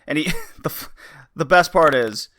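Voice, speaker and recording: A man co-hosting a podcast, casually telling an animated story, laughing often and swearing casually. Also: a little high, moderate pace. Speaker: podcast co-host.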